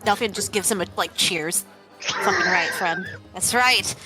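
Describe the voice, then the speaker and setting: A woman's voice: lowish voice, measured pace, pushed and bright, soft background music. A woman playing a tabletop game, talking in character in a brash, crude, swaggering way. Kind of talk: casual in-character play.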